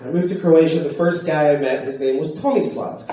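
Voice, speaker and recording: American guy doing stand-up, kinda high voice, roomy club sound from back of the room, yells his punchlines. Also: a little fast, slight background noise. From United States. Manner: storytelling with frequent "right?" tags, loud shouted punchlines. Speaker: stand-up comedian. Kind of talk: live stand-up set. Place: comedy club stage. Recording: echoey club from far off. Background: audience laughter.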